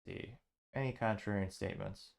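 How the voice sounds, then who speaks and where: A man hosts a show, reading social media posts aloud and tossing in wry asides. His voice is lowish and gravelly, and he talks a little fast.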